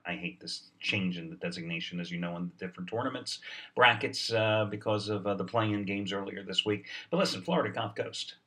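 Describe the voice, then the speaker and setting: A man's voice: on the low side, a little fast, pushed and bright, far from the mic. A man giving a sports betting video report, salesy and sarcastic, with a lot of "uh" fillers, short on sleep.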